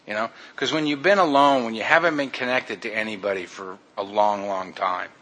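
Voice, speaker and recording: A man's voice: lowish voice, a little fast, a bit bright. A man candidly telling his own recovery story in a casual, blunt way, often calling his listeners "man". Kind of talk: personal testimony, casual storytelling.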